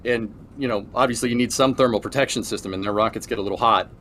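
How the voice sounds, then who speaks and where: A man's voice: lowish voice, fast, fairly bright tone, a little hiss or hum. A man co-hosting a livestream, explaining rocket staging in a loose, restart-filled way. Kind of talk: casual technical chat.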